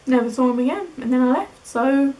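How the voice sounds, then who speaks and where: A woman's voice: high-pitched, brisk, low-quality recording. Chatty young British woman vlogging. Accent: British English. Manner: chatty, animated retelling with quoted dialogue. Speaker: beauty vlogger. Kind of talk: casual storytime vlog.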